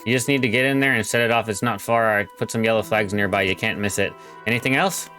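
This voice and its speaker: A man's voice: lowish voice, fast, sharp tone, soft background music. Man doing a weary old whaler, ish. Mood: gruff. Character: gruff old male retired whaler, weary.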